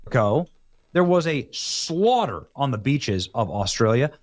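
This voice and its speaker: A man giving live-stream political commentary in an animated, sarcastic, theatrical way. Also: medium pitch, a little slow.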